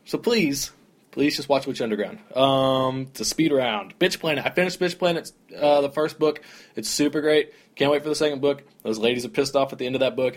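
A young man hosting a solo podcast, rambling casually with lots of "like" and "dude", in a relaxed, conversational way. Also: mid-range voice. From American South. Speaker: podcast host.

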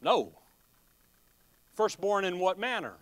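High-voiced man teaching a sermon. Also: very animated, slow pace, no echo. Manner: asks the congregation questions and answers them himself. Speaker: pastor.

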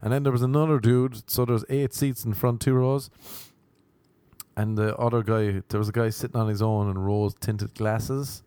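A man in his thirties, a comedian hosting his own podcast, rambling wryly through a casual monologue and jumping into high voices for quoted asides. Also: fairly even intonation, normal speed, dark tone, clean tone, no room sound.

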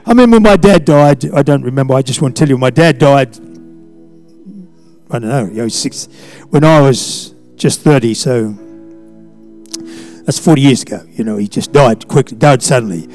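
An older man preaching a sermon, moving from loud declarations to hushed, halting memories. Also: medium pitch, soft background music. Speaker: pastor.

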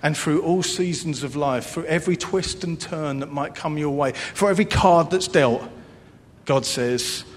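A man preaching a sermon as pastor, earnest, with a repetitive cadence. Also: unhurried. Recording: long reverb, faint rumble.

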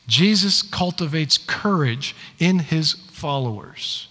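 Lively high-voiced male preacher. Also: slow. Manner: animated storytelling, acts out quoted lines. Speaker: pastor. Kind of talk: sermon. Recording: long hall reverb.

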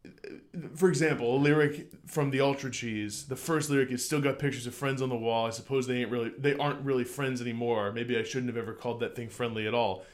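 A man co-hosting a music podcast in casual chat, excited and rambling, stumbling over his words and swearing casually. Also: mid-range voice, fast. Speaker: podcast co-host.

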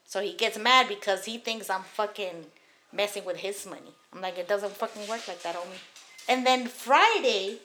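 A woman's voice: fairly high pitch, pushed and bright. A woman in her thirties from Los Angeles, telling a heated, profane story on a casual podcast. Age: 30s. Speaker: podcast host.

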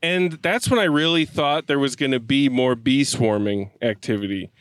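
A man co-hosting a podcast, chatting casually about a movie in an animated, laughing way and swearing freely. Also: mid-range voice, moderate pace, clean tone, no room sound. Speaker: podcast co-host. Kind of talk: casual movie review chat.

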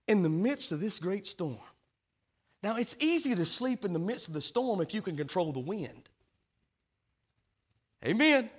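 A male pastor preaching a sermon, swinging from quiet, hushed passages to loud, fervent calls. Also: high voice, very animated, measured pace, pauses often. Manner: preaching with big swings from soft to shouting.

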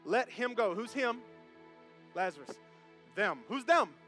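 A man preaching a sermon to his congregation, animated and jokey, who talks straight to the crowd. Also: high-pitched, a little slow, faint music behind. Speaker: pastor. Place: church service.

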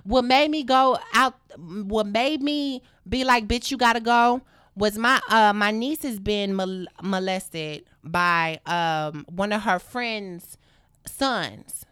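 A woman's voice: mid-range voice, slow, fairly bright tone, smooth, no room sound, clean studio sound. A woman casually telling a story in a blunt, profane way, acting out the dialogue.

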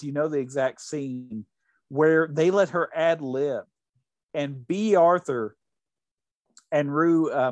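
A man with a fairly high voice tells anecdotes in loose, casual chat. He rambles and restarts his sentences, then gets animated when he retells a scene. The recording is dry and close, with no room sound. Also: dry recording.

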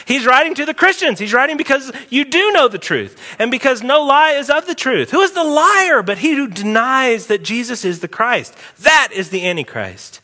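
Male pastor, high voice, sermon, emphatic, bursts of loud emphasis, long church-hall reverb. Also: moderate pace. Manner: animated, emphatic preaching with sudden loud outbursts. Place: church sanctuary.

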